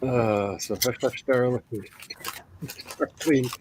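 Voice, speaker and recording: A male author hosts a laid-back writing stream, talking at an ordinary middle pitch. He rambles cheerfully, chuckles often and reads viewers' comments aloud. A faint hiss sits under his voice. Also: takes it slowly. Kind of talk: casual live-stream chat.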